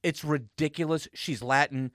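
A man's voice: a little high, moderate pace, no echo, clean studio sound. A man co-hosting a radio show, chatting casually, laughing often and telling stories with lots of energy. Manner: animated, laughs often, storytelling. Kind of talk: casual on-air banter.

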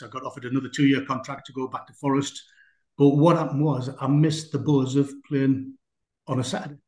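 Chatty ex-footballer, roomy sound. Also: male voice, medium pitch, fairly even intonation, brisk, a little mellow. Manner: chatty, rambling, with many fillers. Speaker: former footballer guest. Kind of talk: anecdotal storytelling in a conversation. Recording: roomy echo.

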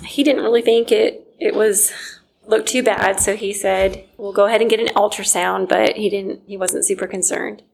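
A woman's voice: mid-range voice, steady tone, moderate pace, gravelly, slightly rough, low-quality recording. A woman, earnestly telling a personal story of loss, her voice sometimes dropping near a whisper. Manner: earnest, emotional, quiet moments near a whisper. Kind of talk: personal testimony.

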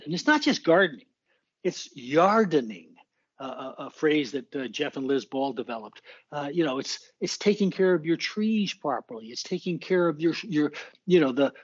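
A man's voice: on the high side, husky, dry recording. A man from Alaska, a garden columnist, talking in a rambling, emphatic way and repeating his points as a podcast guest. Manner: rambling, emphatic, repeats phrases, laughs at own jokes. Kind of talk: casual podcast interview. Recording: dull lo-fi audio.

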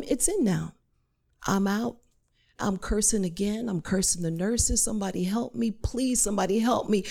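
A woman's voice: medium pitch, creaky, warm tone. A woman telling a personal story in a dramatic, emphatic way, with lots of repetition.

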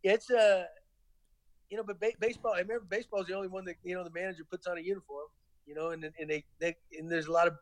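A middle-aged man with a Southern accent talks quickly in a slightly high voice, circling back on himself with repeated words and "you know." The sound is close and dry, like a casual podcast chat. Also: fairly even intonation, dry recording, rough recording. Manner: rambling, many restarts and "you know". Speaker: former baseball manager, podcast guest. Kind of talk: casual interview talk.

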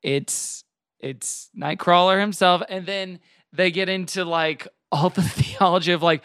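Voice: medium pitch, fairly even intonation, unhurried, fairly bright tone, clear, resonant tone, dry recording, studio quality. A podcast host in casual chat, recapping an episode with frequent laughs. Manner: chatty, laughing while recapping.

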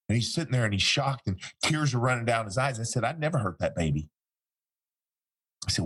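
A man's voice: medium pitch, lively intonation, a little fast, long pauses, fairly bright tone, husky. A man, a former interrogator, telling a story in an interview and acting out the quoted dialogue.

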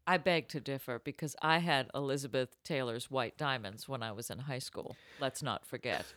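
This woman has a bass voice and speaks at a moderate pace as she co-hosts a comedy podcast. She is animated and playful, joking around and breaking into showy, announcer-style bursts for ad reads and plugs. The sound is dry and studio-clean.

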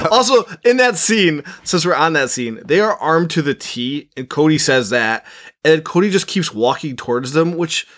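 A man co-hosting a podcast, chatting casually about a movie. His voice sits a little high and swings widely in pitch. He gets excited, laughs often and keeps saying "dude.". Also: a little slow. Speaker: podcast co-host. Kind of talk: casual movie-review chat.

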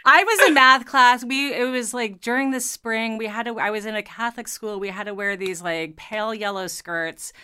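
Bright, crisp-voiced woman host. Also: on the high side. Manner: warm and enthusiastic, quick to react. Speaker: podcast host. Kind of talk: casual podcast conversation.

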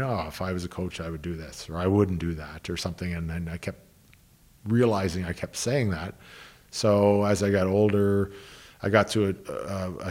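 Deep-voiced man telling rambling stories. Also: a little mellow. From Canada. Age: 30s. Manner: rambling anecdotes with restarts, quoting others. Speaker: guest, hockey coach. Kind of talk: interview storytelling.

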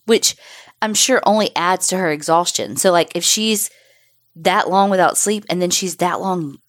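A woman's voice: lowish voice, moderate pace, no room sound, clean studio sound. A woman co-hosting a podcast in casual chat, reacting with grossed-out interjections and wry jokes. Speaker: podcast co-host.

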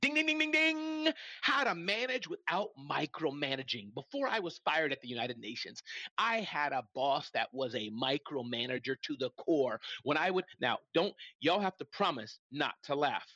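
A middle-aged man hosting a live business talk, energetic and folksy, speaking straight to his listeners. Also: mid-range voice, normal speed, dry recording, lo-fi sound. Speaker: host.

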